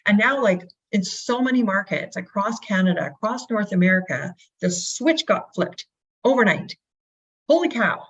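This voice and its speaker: A woman speaking as a guest in an interview, energetic, asking rhetorical questions and acting out quotes. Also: medium pitch, normal speed, slightly rough. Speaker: real estate brokerage guest. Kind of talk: animated interview talk. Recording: dull lo-fi audio.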